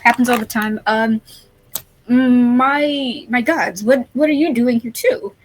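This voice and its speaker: A woman's voice: on the high side, slow, low-quality recording. Woman playing a skinny nervous young cleric: stammering, apologetic, a bit scatterbrained. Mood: flustered. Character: skinny jittery young male priest, flustered and forgetful.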